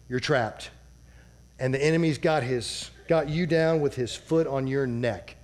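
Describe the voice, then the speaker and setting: Dramatic male preacher. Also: unhurried. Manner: dramatic, drops to a low hush on key words. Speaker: pastor. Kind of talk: sermon.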